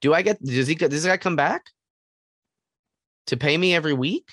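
A man's voice: a little high, animated, normal speed, a bit bright, no echo, studio quality. A young man co-hosting a podcast, goofy and giggly in casual comedic chat. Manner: giggly, goofy, laughs often. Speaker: podcast co-host.

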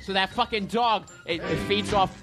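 A woman's voice: medium pitch, moderate pace, music in the background, lightly acted. A woman voicing a foul-mouthed, hot-headed man who rants manically in a comedy character monologue. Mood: ranting. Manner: profane, ranting, manic.

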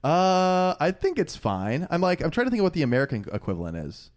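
A male podcast co-host chats casually at a quick clip. His pitch jumps around as he rambles and laughs between thoughts. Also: wildly swooping pitch. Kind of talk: casual chat.

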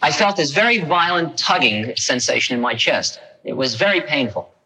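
An older man telling a personal story to an audience, animated and acting out the lines he quotes. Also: on the high side, normal speed, slightly rough, poor audio. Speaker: speaker recounting a personal story. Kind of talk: storytelling talk.

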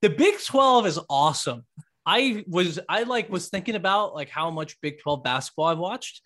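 A man's voice: sits high, normal speed. A man co-hosting a sports podcast in casual chat, emphatic and repeating his points. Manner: animated, emphatic, repeats himself. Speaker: podcast co-host.

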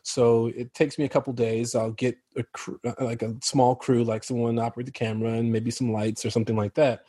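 A man from Chicago with an American accent, a guest actor chatting casually in an interview, relaxed and quick to laugh. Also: medium pitch, no echo. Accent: General American. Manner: relaxed, laughs easily, many fillers.

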